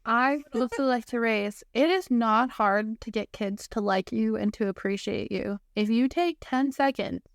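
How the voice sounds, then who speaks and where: High-voiced woman on a podcast, blunt sarcastic stories, dead dry room. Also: moderate pace, creaky, hardly any pauses, no room sound. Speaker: podcast co-host. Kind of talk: casual chat.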